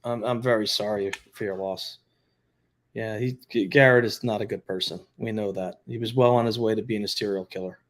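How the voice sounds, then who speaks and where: A man's voice: on the low side, steady tone, a little fast. A man, a retired police officer, hosting a casual livestream, talking bluntly and offhandedly as he answers viewer comments. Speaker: retired law enforcement livestream host.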